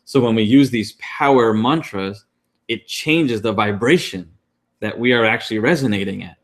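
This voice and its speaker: A man's voice: fairly low pitch, moderate pace. A man co-hosting an online class, talking casually with many fillers and restarts. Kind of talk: casual teaching talk. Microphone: online class call.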